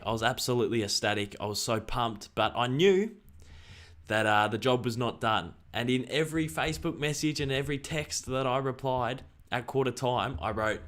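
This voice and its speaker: A young Australian man chatting casually on a live stream, excitable and rambling. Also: mid-range voice, normal speed.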